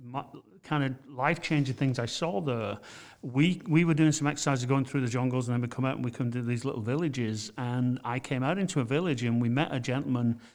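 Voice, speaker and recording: A man in casual podcast conversation, wandering through anecdotes with plenty of "uh"s and restarts. His voice sits at an ordinary pitch for a man. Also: a little fast, darkish tone. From United Kingdom. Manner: rambling storyteller, many restarts and fillers. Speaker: podcast co-host. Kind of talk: casual chat.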